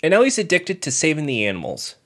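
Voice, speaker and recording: Rambling podcast co-host with lively pitch. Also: male voice, fast talker. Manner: rambling, lots of likes, mumbled trailing ends. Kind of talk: casual podcast chat.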